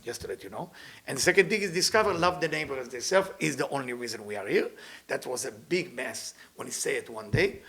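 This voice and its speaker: Husky gravelly guy teaching kabbalah, choppy non-native english, super lively pitch. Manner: lively, acts out quoted people, drops to a hush. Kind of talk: spiritual lecture.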